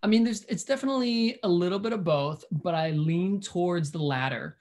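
A man's voice: sits high, brisk, a little mellow. A man who is a wedding photographer, answering interview questions in a casual, enthusiastic way. He thinks aloud and chuckles often while speaking over a video call. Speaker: wedding and portrait photographer, guest.

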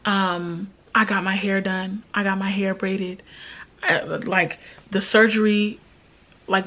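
A woman's voice: medium pitch, fairly bright tone. Emotional young woman telling a storytime. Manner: candid, emotional, repeats phrases for emphasis. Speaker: vlogger. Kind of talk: casual storytime monologue.

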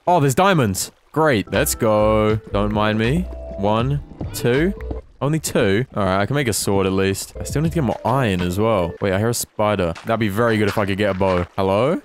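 A young man giving casual, self-deprecating commentary over his own gameplay, with sudden excitable outbursts. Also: on the low side. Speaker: gaming YouTuber.

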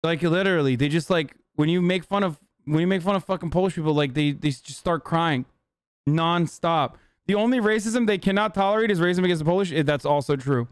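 A man in his thirties reacting live on stream, his voice smooth and fairly high for a man. He mocks and swears casually in a loose, joking way. The sound is dry and close, with no room around it. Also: fairly quick, no echo. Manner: mocking, profane, loose and joking.

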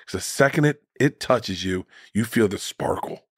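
Low-voiced man telling profane stories. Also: animated, moderate pace, breathy edge, no room sound, clean studio sound. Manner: profane, rambling anecdotes with restarts. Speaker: guest comedian. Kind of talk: casual storytelling conversation.

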